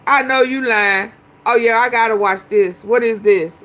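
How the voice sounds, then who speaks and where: A woman's voice: a little high, normal speed, fairly bright tone. A woman hosting a casual commentary show, talking back at clips in a drawling, repetitive way. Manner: drawling, talks back at clips, repeats herself.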